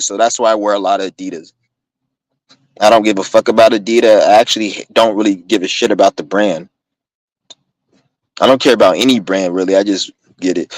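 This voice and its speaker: A man's voice: fairly low pitch, no room sound, low-quality recording. Profane rambling young man, dry sound. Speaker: vlogger. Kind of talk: casual rant to camera.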